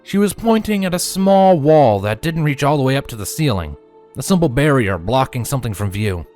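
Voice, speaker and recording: A man reading a fan story aloud in a wry, expressive narrating voice. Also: mid-range voice, fairly quick, soft background music. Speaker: fanfiction reader.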